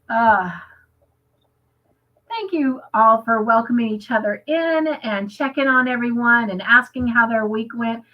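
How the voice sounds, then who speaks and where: A woman's voice: a little high, takes it slowly, long pauses. Upbeat american lady chatting on a live stream, reads out comments, kinda muffled audio. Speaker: livestream host. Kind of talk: casual livestream chat.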